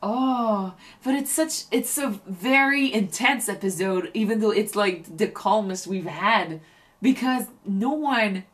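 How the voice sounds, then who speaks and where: A woman's voice: medium pitch, slow, fairly bright tone. Woman co-host, casual reaction chat, reflective, restarts often. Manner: thoughtful, restarts sentences often.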